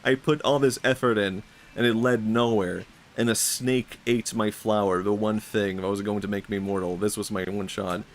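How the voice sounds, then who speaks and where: A man voicing a grief-stricken ancient king who mutters low and swears in frustration. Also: fairly even intonation, moderate pace, few pauses, lightly acted. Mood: exasperated.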